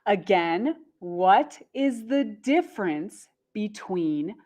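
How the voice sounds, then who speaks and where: Very slow, deliberate woman teacher. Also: mid-range voice, animated, a little mellow. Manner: repeats words slowly with exaggerated stress. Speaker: English teacher. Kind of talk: slow, carefully enunciated English lesson.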